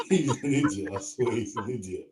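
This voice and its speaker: A man's voice: medium pitch, moderate pace, heavy background noise. A man co-hosting a football podcast, laughing and teasing his friends in casual banter. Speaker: podcast co-host.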